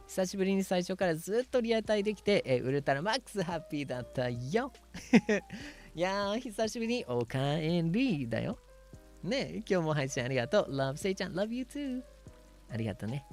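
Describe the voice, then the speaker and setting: Racing along with big pitch swings, a man with a high-sitting voice hosts a casual chat stream. He reads viewer messages in a giggly, playful way, mixes English and Japanese, and adds cat-like "nyan" sign-offs. Soft music plays in the background.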